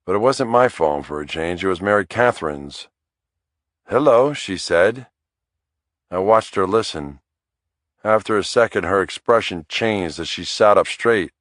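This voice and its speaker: A man narrating a thriller audiobook in the first person, in a wry, measured storytelling manner. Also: deep voice, a bit bright, dry recording, clean studio sound.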